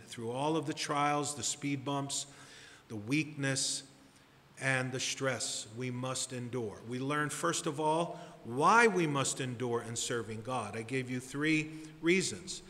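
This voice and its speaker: A man preaching a sermon as pastor, deliberate and emphatic, building to stressed repeated phrases. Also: mid-range voice, sharp tone, in a large hall.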